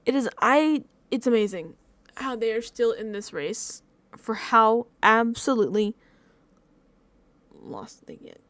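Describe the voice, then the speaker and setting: A woman's voice: a little high, expressive, takes it slowly, pauses often, fairly bright tone, dry recording. A woman vlogging casual reaction commentary, rambling and repeating herself with lots of fillers. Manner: chatty, self-deprecating. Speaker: recap vlogger.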